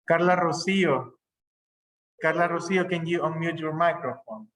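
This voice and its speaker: A man's voice: on the high side, moderate pace, fairly bright tone, rough recording. A man who speaks Spanish as a first language, teaching an English class on a video call in a patient manner, repeating words for emphasis.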